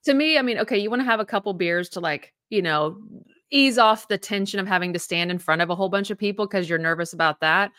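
A woman's voice: medium pitch, fast, fairly bright tone, no echo, studio quality. A woman co-hosting a podcast in casual chat, talking freely with lots of swearing and emphatic reactions. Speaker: podcast co-host.

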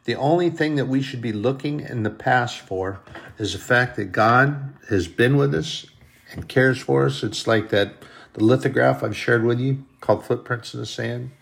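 Gravelly-voiced man preaching earnestly. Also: medium pitch, moderate pace. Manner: earnest, repetitive preaching cadence. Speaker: pastor. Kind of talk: sermon.

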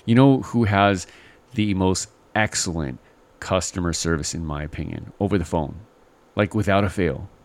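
A low-pitched man talks casually on a podcast, rambling through his thoughts with plenty of fillers. He leans on "you know" and "right?" and slips into animated impressions of the people he describes. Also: moderate pace. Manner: animated, mimics call-center agents in exaggerated voices. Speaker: podcast co-host. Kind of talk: casual chat.

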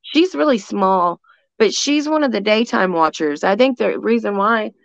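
Gravelly-voiced woman in casual chat. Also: mid-range voice, lively intonation, moderate pace, dry recording. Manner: chatty, rambling, laughs often. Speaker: psychic medium guest. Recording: dull lo-fi dry sound.

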